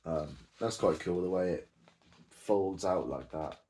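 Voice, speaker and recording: A man talks in a very deep, low-pitched voice. He reviews casually and unscripted, rambling with frequent ums and self-corrections. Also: a little slow, warm tone. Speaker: music reviewer.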